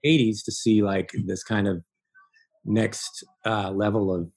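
Husky enthusiastic middle-aged man. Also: on the low side, level tone, unhurried, a little mellow, low-quality recording. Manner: enthusiastic, laughs often. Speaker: guest artist. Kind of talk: casual podcast chat.

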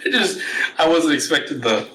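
A man co-hosting a podcast, bantering in a relaxed way and laughing often. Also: a little high, moderate pace, low-quality recording. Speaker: podcast co-host. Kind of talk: casual podcast chat.

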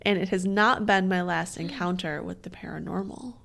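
A woman's voice: fairly low pitch, steady tone, normal speed, vocal fry, fairly bright tone. Playful woman co-hosting a podcast. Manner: playful, giggly, reads letters aloud with asides. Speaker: podcast co-host. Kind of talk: casual podcast chat and reading listener mail.

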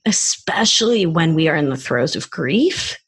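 A woman in her forties, a wellness expert talking in a casual podcast conversation, animated and expressive. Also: low-pitched, moderate pace, slightly rough. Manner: animated, acts out child voices in quotes.

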